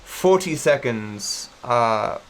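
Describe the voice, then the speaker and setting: A male streamer from Australia talks in a middle-pitched voice with a blended accent that is hard to place. He rambles through casual livestream commentary, restarting sentences often and swearing freely. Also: lively intonation, very slow. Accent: mixed, not typically Australian.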